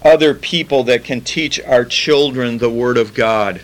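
Male preacher, mid-pitched, plain conversational delivery, slows for scripture readings. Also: poor audio. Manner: conversational, reads scripture slowly, repeats key words. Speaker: bible teacher. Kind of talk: informal sermon.

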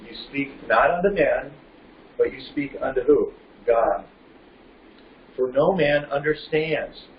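A man teaching a Bible lesson like a sermon, reading verses slowly and asking the audience questions he answers himself. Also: medium pitch, slight background noise. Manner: reads scripture slowly and deliberately. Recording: roomy, distant, dull lo-fi recording with faint ambience.

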